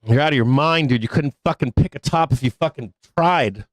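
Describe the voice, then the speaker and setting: A man's voice: mid-range voice, brisk, no room sound, poor audio. A man hosting a live stock market show, ranting in exasperation with frequent laughter and cursing. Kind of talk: live-stream rant.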